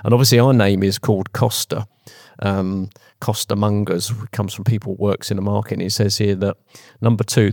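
A man interviewing an older woman for a local heritage recording, talking in a relaxed, conversational way. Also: lowish voice, no room sound, clean studio sound. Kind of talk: casual interview chat.

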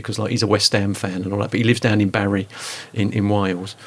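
A man's voice: fairly low pitch, steady tone, brisk, fairly bright tone. A middle-aged man from the East End of London, a guest telling stories in a chatty, rambling way. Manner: rambling, chatty, lots of asides. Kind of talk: casual conversational storytelling.

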